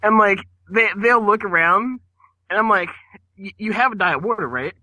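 A man co-hosting a late-night comedy podcast, telling bits with animated quoted voices. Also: high-pitched, moderate pace, no echo, poor audio. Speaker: podcast co-host. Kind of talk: late-night casual chat.

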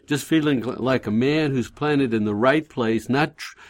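A man hosts a Christian radio talk program in a gentle, pastoral voice at a middle pitch. He tells homey stories with a ready laugh and speaks slowly when offering encouragement. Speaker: radio show host.

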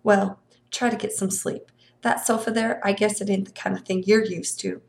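A woman voicing a kindly, awkward older country man who speaks gruffly and hesitantly in folksy speech. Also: mid-range voice, flat delivery, moderate pace, a little mellow, natural voice. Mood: gentle.

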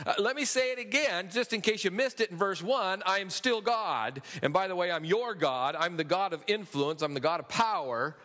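A man's voice: fairly high pitch, expressive, moderate pace, fairly bright tone. A man preaching a sermon to his congregation, building to emphatic peaks and turning to them with asides. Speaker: pastor. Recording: long reverb of a large hall.

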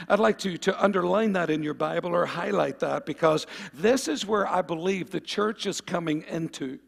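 A man preaching a fervent sermon, calling on the congregation for amens and swinging between loud and quiet passages. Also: high-pitched, moderate pace, gravelly, hardly any pauses, long reverb tail.

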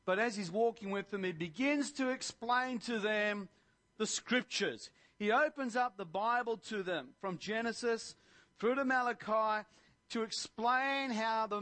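An impassioned male preacher delivering a sermon in a strikingly high-pitched voice. His tone is bright and forceful, and he builds to emphatic, proclaiming lines.

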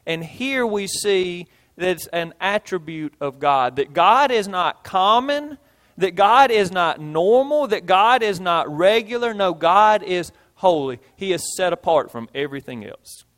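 A man's voice: high-pitched, animated, measured pace, a bit bright. A male pastor, preaching a sermon in a folksy way, with homey stories and emphatic repetition.

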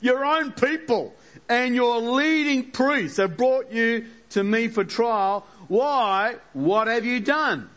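A man's voice: very high voice, animated, takes it slowly, a bit bright, pitched above the performer's own voice, full character voice. A man voicing an anxious, exasperated Roman governor who fires off raised, pressing questions. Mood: indignant.

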